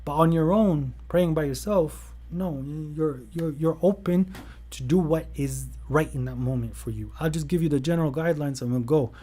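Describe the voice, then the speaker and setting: A man's voice: fairly high pitch, moderate pace, mellow. A man hosting an online religious service, answering viewer questions in a loose, conversational way that trails off and restarts. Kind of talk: casual livestream question-and-answer.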